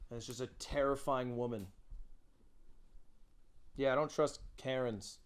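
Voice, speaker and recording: A man's voice: mid-range voice, steady tone, unhurried, pauses often, clear, resonant tone. A young adult man streamer giving casual, joking reaction commentary, blunt and full of swearing.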